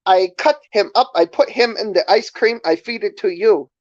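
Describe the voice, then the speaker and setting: A man's voice: sits high, normal speed, no room sound, muffled recording, voice pushed up, close to an everyday voice. A man voicing a menacing male ice cream vendor who speaks in clipped, broken English.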